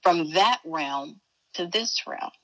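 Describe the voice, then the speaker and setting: A woman's voice: lowish voice, animated, slow pace, low-quality recording. A woman from Chicago, a spiritual teacher chatting as an interview guest in an emphatic, folksy way, calling the listener baby and honey. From Chicago, USA. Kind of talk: casual interview chat.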